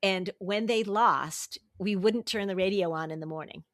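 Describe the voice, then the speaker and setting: Middle-aged woman podcast host: casual, animated, quick to laugh, dry close sound. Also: mid-range voice, no room sound. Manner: animated, laughs often, acts out quoted voices. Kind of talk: casual chat.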